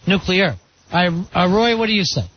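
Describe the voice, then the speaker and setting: A man's voice: sits high, moderate pace, a little hiss or hum. A man hosting a casual radio talk show, joking with his co-host and taking calls. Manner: jokey, leads the segment, takes calls. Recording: dull lo-fi radio broadcast.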